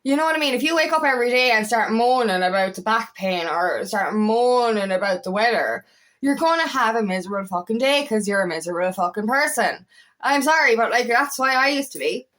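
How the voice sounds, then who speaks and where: A woman's voice: fairly high pitch, expressive, brisk, a bit bright. A woman working as an empowerment coach, talking casually and frankly to camera, swearing freely and repeating phrases. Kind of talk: casual spiritual vlog talk.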